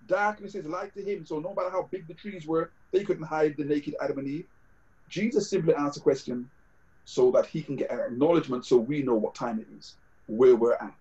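A British man preaches a sermon over a video call in a conversational style, quoting scripture and using fillers. His voice is a little high and mellow at normal speed, and the recording sounds muffled.

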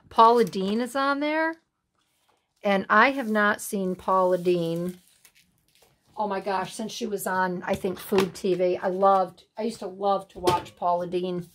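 A middle-aged woman talks her way through a crafting session at home, rambling and folksy. She speaks slowly and unhurriedly in a somewhat low voice. A faint background hiss sits under the recording. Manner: rambling, chatty, folksy asides. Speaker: craft video host. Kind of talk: casual chat while crafting.

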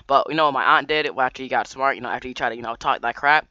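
A male vlogger rambles through a story, filling it with slang and repeated restarts. His voice is bright and clean, with a sharp edge. The recording sounds dry and a little dull, like lo-fi audio. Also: mid-range voice, rapid-fire, no echo. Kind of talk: casual storytime vlog.

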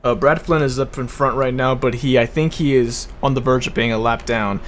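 A young man giving live commentary on an online racing league while driving in it himself, casual and profane, loud and excited at big moments. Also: medium pitch, a little fast, slight background noise. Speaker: race commentator and streamer. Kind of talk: live esports race commentary.

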